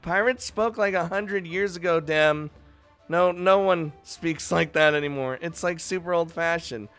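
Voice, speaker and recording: A man's voice: fairly high pitch, a little slow, fairly bright tone, clean tone, soft background music, pitched above the performer's own voice. A man voicing a practical young woman companion who speaks in a matter-of-fact, lightly teasing way. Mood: dry.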